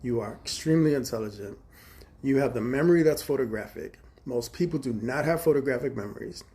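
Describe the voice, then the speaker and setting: A man's voice: mid-range voice, warm tone. Profane storytelling man on a livestream. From Chicago. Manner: profane, fast-shifting, quotes others in dialogue. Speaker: livestream host. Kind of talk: rambling storytelling monologue. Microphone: phone.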